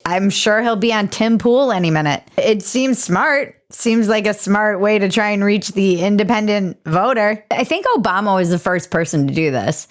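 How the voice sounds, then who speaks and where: A woman's voice: medium pitch, normal speed, few pauses. A woman hosting a podcast, giving casual, opinionated commentary in an irreverent, sarcastic way and swearing casually. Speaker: podcast host.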